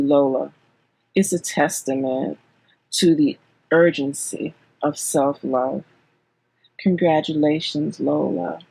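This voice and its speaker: Slow, halting woman mentor. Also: deep voice, a little mellow, slightly rough, rough recording. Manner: halting, with many ums. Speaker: writing mentor. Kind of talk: spoken introduction.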